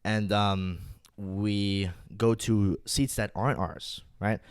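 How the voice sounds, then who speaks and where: A man's voice: on the low side, takes it slowly, clear, resonant tone. A young man co-hosting a podcast, telling a story in casual comedic style and often checking in with "right?". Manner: animated, keeps checking in with "right?". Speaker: podcast co-host.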